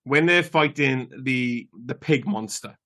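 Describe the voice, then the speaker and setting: Podcast co-host, male, bright forceful tone, fast eager retelling of favorite scenes. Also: medium pitch. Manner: quick, enthusiastic, laughing retellings. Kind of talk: casual film discussion.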